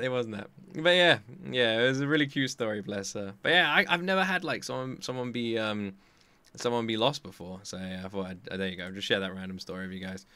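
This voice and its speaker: Rambling streamer in his thirties; lowish, bright, dry close mic. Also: quick pace, smooth, dry recording. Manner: rambling, chatty storytelling with many restarts. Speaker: anime reaction streamer. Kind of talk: casual chat.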